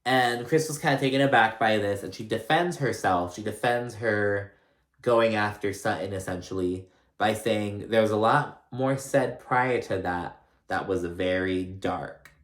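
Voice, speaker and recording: A man's voice: lowish voice, unhurried, echoey room. A man recapping a reality show in a casual, rambling, sassy way, full of fillers. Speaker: recap host.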